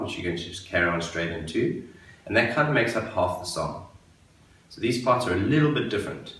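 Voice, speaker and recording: A man giving a relaxed guitar lesson for beginners, patiently explaining and counting beats aloud. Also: low voice. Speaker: guitar teacher. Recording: very echoey room, mic at a distance, guitar playing. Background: guitar playing.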